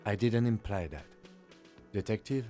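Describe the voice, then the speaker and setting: A man playing a calm, dry police lieutenant. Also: on the low side, a little slow, faint music behind, close to an everyday voice. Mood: composed. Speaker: police lieutenant, detective's partner.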